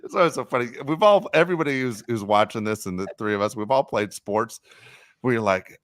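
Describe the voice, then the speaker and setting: A man hosting a casual sports podcast, rambling and animated, with mock-complaining asides. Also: medium pitch, moderate pace, no room sound, studio quality. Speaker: podcast host.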